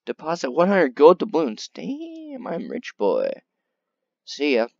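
A man provides casual, excitable commentary on a video game, often addressing the creatures on screen directly. His gravelly voice swings widely in pitch while his pace stays slow. The sound is dry and slightly dull, like a basic home setup, with no room sound.

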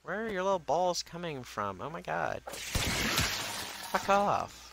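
A man ranting and swearing through profane gameplay commentary, often shouting a catchphrase. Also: fairly high pitch, very animated, slow, creaky. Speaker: gameplay streamer. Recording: loud game noise underneath.

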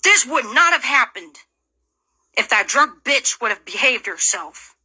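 High bright furious woman ranting. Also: sing-song, unhurried, breathy edge. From Illinois. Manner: confrontational, profane, taunting rhetorical questions. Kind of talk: angry direct-to-camera rant.

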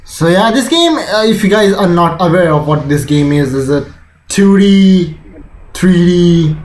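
A man giving rambling, excitable commentary over his gameplay. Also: sits high, poor audio. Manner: excitable, rambling, fast bursts. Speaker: gaming YouTuber. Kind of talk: let's play commentary.

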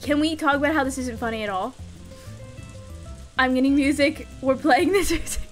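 A woman streaming a video game live, commenting excitedly and talking straight to her chat. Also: sits high, normal speed, faint music behind.

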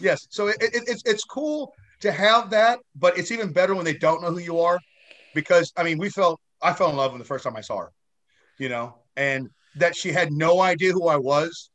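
A man's voice: fairly high pitch, moderate pace, a bit bright. A man being interviewed as an actor guest, still shaken after a head injury, talking in a rambling way with many restarts and casual swearing.

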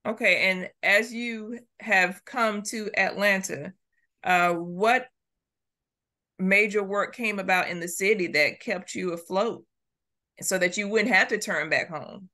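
Woman interview host, bright forceful voice, engaged questioner. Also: mid-range voice, takes it slowly.

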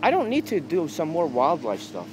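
A man's voice: on the high side, normal speed. A man, ranting to the camera in a rambling, profane, casual way while outdoors in a city. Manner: profane, rambling, lively delivery. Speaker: vlogger. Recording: street noise behind.

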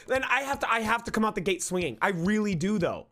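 High, bright-voiced ranting male streamer. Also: fast, few pauses. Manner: emphatic, swearing, mock-outraged. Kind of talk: profane ranting live-stream chat.

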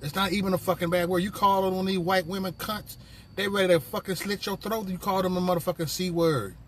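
A man's voice: high-pitched, steady tone, fairly quick, a little hiss or hum. A man hosting a casual live stream from his phone, talking loosely in profane, rambling banter with viewers. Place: on a work break, vehicle sounds nearby.

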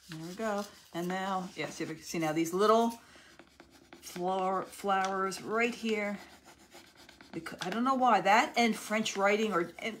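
A woman with a medium-pitched voice hosts a live crafting demo for her channel, chatting in a friendly, casual way with viewers as she works. There's noise in the background.

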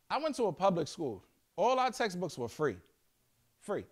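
A young man with a New York accent talks to a room of students in animated, slangy storytelling. His voice sits fairly high for a man. He keeps the tone playful and conversational. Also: normal speed. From Yonkers, New York. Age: young adult. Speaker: guest speaker. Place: school classroom.

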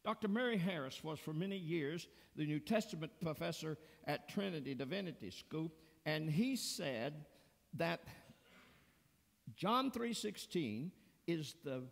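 A man preaching a sermon as pastor in a church sanctuary, earnest and deliberate, pressing hard on key words. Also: fairly high pitch, lively intonation, vocal fry. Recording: long church reverb.

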